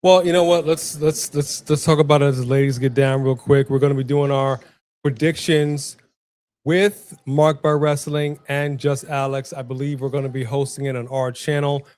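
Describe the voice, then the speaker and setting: A man's voice: mid-range voice, moderate pace. A man co-hosting a wrestling watch-along stream, chatting casually and calling out to the live chat. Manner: chatty, animated, addresses the chat.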